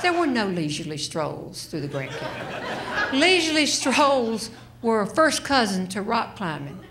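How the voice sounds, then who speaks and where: Older female humorist: bright-ish, animated live storyteller, captured on a noisy stage recording. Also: a little high, measured pace. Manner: animated, shifting into quoted voices. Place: stage before a laughing audience.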